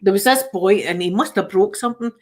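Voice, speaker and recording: A woman's voice: mid-range voice, quick pace, darkish tone. A middle-aged Scottish woman hosting a casual live chat. She tells everyday stories and acts out the voices of the people in them. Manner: chatty storyteller who acts out the voices in her stories. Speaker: channel host.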